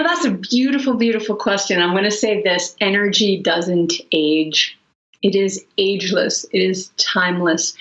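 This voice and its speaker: A woman's voice: lowish voice, lo-fi sound. A woman yoga and energy teacher talking earnestly and fluidly in a webinar, often restarting her phrases. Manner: earnest and flowing, with many restarts and soft fillers. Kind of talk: webinar talk.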